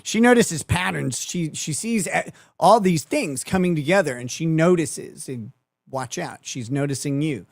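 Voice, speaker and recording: A man's voice: a little high, lively intonation, measured pace, creaky, no echo. A man hosting a commentary show, talking in a sarcastic, profane way and laughing often. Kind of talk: mocking online commentary.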